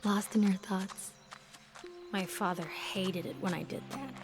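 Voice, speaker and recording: A reflective grown woman looking back on her childhood summers, as a woman voices her, narrating a story game in a quiet, thoughtful way. Her voice has a gravelly edge of fry, and music plays clearly behind her. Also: mid-range voice, fairly even intonation, unhurried, natural voice. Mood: wistful.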